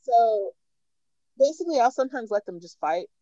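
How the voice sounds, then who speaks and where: A woman's voice: on the high side, expressive, normal speed, dark tone, dry recording, lo-fi sound. A woman co-hosting a casual chat, telling stories animatedly and laughing often. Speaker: podcast co-host.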